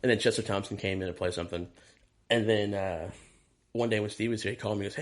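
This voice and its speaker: This man, a touring and session drummer guesting in a casual interview, talks fast in a fairly low voice. His storytelling is animated and profane, and he voices the quoted dialogue himself.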